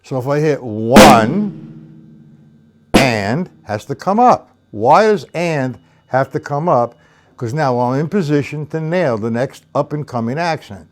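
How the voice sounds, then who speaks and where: A man's voice: medium pitch, animated, measured pace, a little hiss or hum. A man giving a live-streamed drum lesson, counting beats aloud and talking to viewers by name. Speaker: drum teacher.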